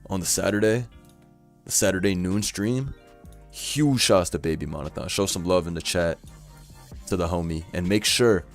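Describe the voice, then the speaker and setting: A young man streaming casually, talking in loose slang and laughing often. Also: deep voice. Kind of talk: casual live-stream chat.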